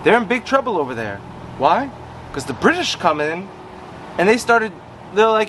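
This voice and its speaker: A rabbi, telling stories in an animated way and acting out quoted voices, talking on a city stoop. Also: male voice, high-pitched, normal speed, pauses often, a little hiss or hum. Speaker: rabbi guest on a podcast. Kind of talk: casual storytelling conversation.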